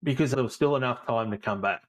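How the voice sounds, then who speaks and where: A man's voice: medium pitch, quick pace. A man co-hosting a podcast in casual chat, easygoing and explaining at length. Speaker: podcast co-host.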